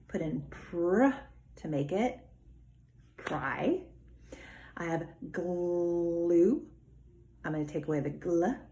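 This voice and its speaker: Slow, low-pitched woman teaching phonics. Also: dark tone. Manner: slow, clearly enunciated, encouraging teacher talk. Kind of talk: remote phonics lesson.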